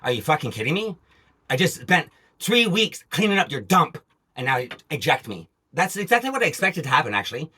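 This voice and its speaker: Brief: Canadian man, profane angry vlog rant, bright and husky. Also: fairly high pitch, sing-song, brisk. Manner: profane, agitated ranting with repeated asides. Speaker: vlogger.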